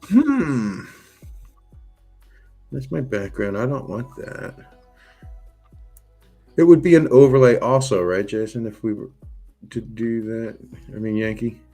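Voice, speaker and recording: A man's voice: mid-range voice, lively intonation, slow, pauses often, warm tone, faint music behind. A man streaming live, chatting casually and rambling as he answers and reads out viewers' messages. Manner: rambling, talks to chat and reads their messages aloud.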